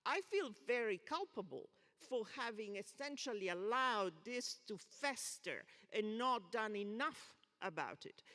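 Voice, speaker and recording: A woman's voice: fairly high pitch, fairly bright tone. An older woman speaking as a panelist in a panel discussion, impassioned and emphatic. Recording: long reverb of a lecture hall.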